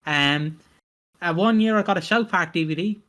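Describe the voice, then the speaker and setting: A young man co-hosting a podcast in casual chat, swearing freely and making dark jokes. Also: high-pitched, moderate pace. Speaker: podcast co-host.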